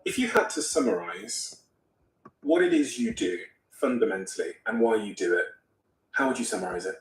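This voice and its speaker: A man's voice: fairly low pitch, wildly swooping pitch, moderate pace, roomy sound, slight background noise, rough recording. A man hosting a podcast, asking his guest direct, earnest questions and asking listeners to subscribe. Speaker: podcast host. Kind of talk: interview questions and show plug.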